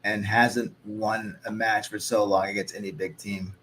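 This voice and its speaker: A man's voice: on the low side, little pitch movement, a bit bright, slight background noise. A man in his thirties from the United States, hosting a livestream and chatting casually as he reads out viewer comments. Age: 30s. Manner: chatty, reacts to chat in quick asides. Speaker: livestream host. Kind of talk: casual watch-along chat, reading viewer comments.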